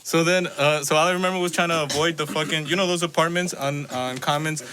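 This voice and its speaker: A man's voice: fairly high pitch, fairly even intonation, fast talker, sharp tone, slight background noise. Young man telling a rambling story. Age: young adult. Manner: hesitant, rambling storyteller with fillers. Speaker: podcast guest. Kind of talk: casual chat.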